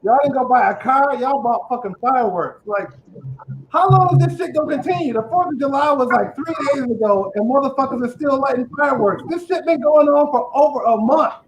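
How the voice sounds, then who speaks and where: A man with a very high voice and a lisp hosts a comedy show, delivering a raunchy, profanity-laced stand-up set. He laughs at his own punchlines, and faint noise hums behind him. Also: animated, brisk, poor audio. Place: house in Detroit.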